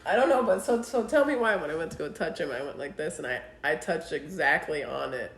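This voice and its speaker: A woman's voice: low-pitched, animated, a little fast. A woman co-hosting a podcast, chatting casually and telling profane, laughing stories. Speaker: podcast co-host. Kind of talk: casual chat. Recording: echoey room.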